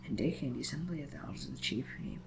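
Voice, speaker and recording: A man reading scripture aloud in a brisk way, often slipping and correcting himself as he goes. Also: medium pitch, lively intonation, gravelly, whispered, poor audio. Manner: brisk reading with frequent slips and self-corrections. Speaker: Bible reader.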